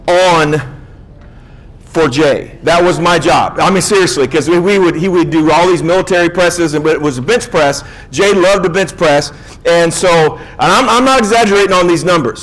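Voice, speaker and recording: A man with a high-pitched voice preaching as a pastor. He tells a story with lively energy and acts out each voice in it. His delivery is animated and conversational. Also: rough recording. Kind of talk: sermon storytelling.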